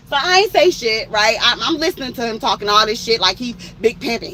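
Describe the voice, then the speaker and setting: A woman telling a story in an animated, profane way, acting out what each person said. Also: on the high side, fast, hardly any pauses, slight background noise. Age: older than 30. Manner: animated, profane, acts out quoted voices. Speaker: truck driver telling a story. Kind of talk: uncensored storytime.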